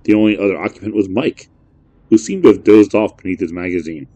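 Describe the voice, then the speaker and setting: Deep-voiced man narrating a horror story. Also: expressive, mellow, no room sound, lo-fi sound. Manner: measured, brooding storytelling.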